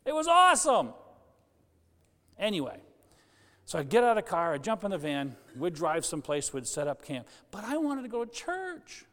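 A pastor in his sixties preaching a sermon, an animated storyteller who jokes with his congregation. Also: sits high, normal speed. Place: church sanctuary. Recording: long church reverb.

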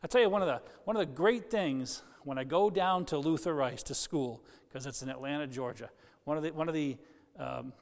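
A man's voice: on the high side, creaky, big-room sound. A man preaching a chatty, joking sermon, full of asides and restarts, in a church. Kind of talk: conversational sermon.

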